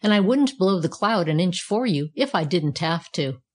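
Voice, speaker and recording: Lady doing cranky bellows in a storybook, blunt and curt, lowish voice. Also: expressive, moderate pace, a little mellow. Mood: grumpy. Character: grumpy contrary talking bellows, male.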